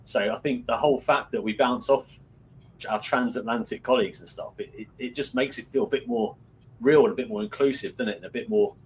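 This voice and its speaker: A man's voice: medium pitch, a little fast, a little hiss or hum. A British man, a guest on an online panel, chatting in a rambling, hesitant way. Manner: rambling, hesitant, lots of restarts. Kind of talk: casual panel chat.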